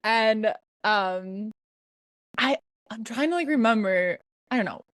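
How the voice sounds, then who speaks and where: A woman's voice: a little high, expressive, slow, a bit bright, no room sound, clean studio sound. A woman hosting a podcast in casual chat, rambling and giggling, with many restarts. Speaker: podcast host.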